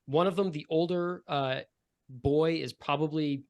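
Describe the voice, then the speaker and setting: A man's voice: fairly high pitch, steady tone, a little slow. A man narrating a comedic tabletop game as game master, casual with many fillers.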